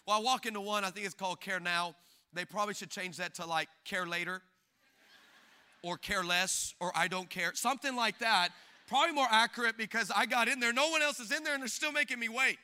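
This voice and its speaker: A man preaching a sermon, telling a funny story in an animated, jokey way and acting out the people in it. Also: sits high, a little fast, smooth. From Hispanic background. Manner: animated, jokey, acts out quoted people with big shifts in loudness. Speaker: pastor.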